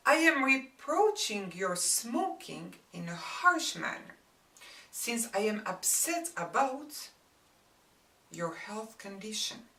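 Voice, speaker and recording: A woman teaches a grammar lesson in a bright, clear voice that rises and falls a lot. She speaks slowly and carefully and works through each example. Her voice sounds a little distant, in a roomy space. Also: a little high, big pitch swings. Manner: deliberate, explains example sentences step by step. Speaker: Arabic teacher.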